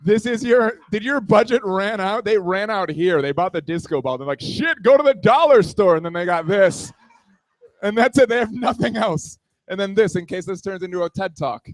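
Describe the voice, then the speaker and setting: A man's voice: high voice, moderate pace, few pauses, no echo. Young man doing a self-deprecating stand-up set. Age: 20s.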